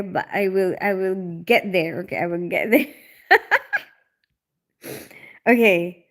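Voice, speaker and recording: A woman hosting a casual livestream, chatting and reading viewer comments aloud with frequent laughs. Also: mid-range voice. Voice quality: loud on calls.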